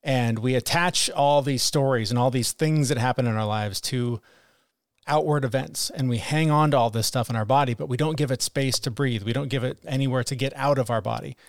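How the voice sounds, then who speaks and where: A podcast co-host talks frankly and fairly quickly in a candid, conversational chat, peppering his speech with profanity and occasionally voicing the cruel critic in his head. His voice sits at an ordinary middle pitch, and the sound is dry and close, with no echo or room around it.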